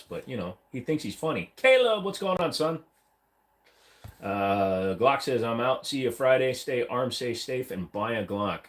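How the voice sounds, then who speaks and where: A man chats loosely with his livestream viewers from a room at home, joking and rambling from one subject to the next. His voice sits at a middle pitch and swings widely up and down as he talks, often jumping into goofy put-on voices. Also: animated, normal speed. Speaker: livestream host. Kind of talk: casual livestream chat with viewers. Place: home room, seated against a wall.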